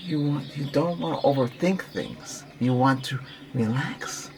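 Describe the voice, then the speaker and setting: A man who practices Reiki, giving a rambling relaxation talk with breathing guidance, repeating himself and coaching gently. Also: on the high side, a little slow, background noise.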